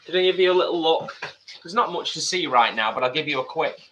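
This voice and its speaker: Casting: man, higher voice with a bright edge, easygoing live-stream co-host. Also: fast, slight background noise, poor audio. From England. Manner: relaxed, reads viewer comments aloud. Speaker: cooking show co-host. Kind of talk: live cooking stream chat. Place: home kitchen.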